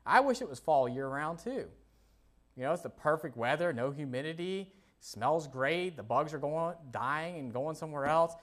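A man's voice: on the high side, animated, moderate pace, a bit bright. A man, a pastor, preaching a sermon in a conversational, folksy way, with playful asides to the congregation.

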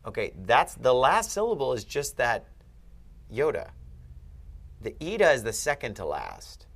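A man's voice: medium pitch, wildly swooping pitch, a little slow, fairly bright tone. A man tutoring a student one-on-one, explaining step by step and often checking that he is followed. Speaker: Greek tutor. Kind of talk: one-on-one language lesson.

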